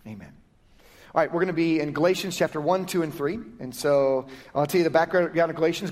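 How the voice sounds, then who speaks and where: High-voiced lively male pastor preaching. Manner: conversational, lively, self-correcting preaching. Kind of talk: sermon with prayer and Bible teaching.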